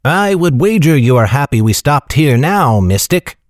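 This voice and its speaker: A man's voice: medium pitch, very animated, moderate pace, no echo, studio quality, natural voice. Man doing a cheeky, sulky young man. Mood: teasing, sulky. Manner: teasing and huffy.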